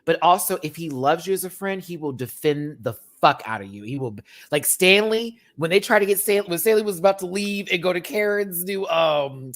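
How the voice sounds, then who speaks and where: A woman's voice: lowish voice, expressive, normal speed, few pauses. A woman hosting a casual chat, talking animatedly and laughing often as she acts out scenes. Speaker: host. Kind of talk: casual chat about a TV show.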